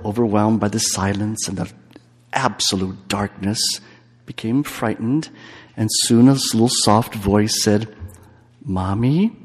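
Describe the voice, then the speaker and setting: A man's voice: on the low side, darkish tone, breathy edge, in a large hall. A man giving a retreat homily as a priest, telling a story with emphatic repeated phrases.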